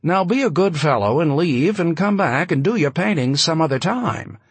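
A man's voice: fairly high pitch, expressive, normal speed, husky, no echo, pitched above the performer's own voice. A man voicing a stiff upper-class man who speaks in a frosty, commanding tone, in an audiobook. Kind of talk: audiobook narration.

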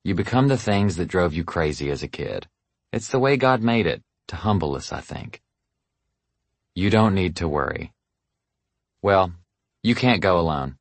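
A man's voice: deep voice, animated, moderate pace, long pauses, no room sound. A man doing a worried southern mother. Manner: anxious, pleading, then forbidding.

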